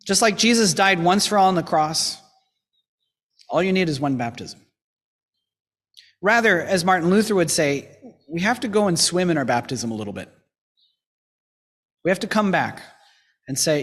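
Male pastor, high voice, earnest exhortation in a sermon, long church reverb. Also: lively intonation, normal speed, pauses often, fairly bright tone. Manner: earnest, exhorting, with lightly humorous asides. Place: church sanctuary.

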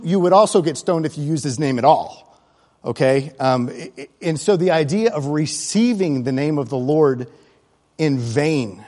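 A man's voice: fairly high pitch, a little mellow. A man preaching a sermon in a conversational, earnest way, with asides and restarts. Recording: long hall reverb.

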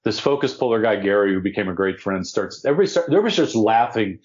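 A man, an actor, telling animated anecdotes as an interview guest and laughing now and then as he talks. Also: fairly low pitch, racing, dull audio. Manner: animated storyteller, laughs mid-story.

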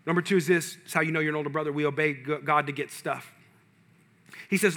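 High-voiced, bright preaching man. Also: fairly even intonation, fast. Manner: preaching with rising intensity, quoting imagined prayers; conversational slang, repeats phrases for emphasis. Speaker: pastor. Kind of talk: sermon.

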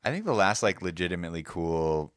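A young man co-hosting a podcast, chatting in a relaxed, halting way. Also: low-pitched, clear, resonant tone, dry recording, studio quality. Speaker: podcast co-host. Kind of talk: casual chat.

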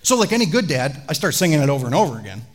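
A man, a pastor, preaching a sermon with animated storytelling and chatty asides to the congregation. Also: fairly high pitch, very fast.

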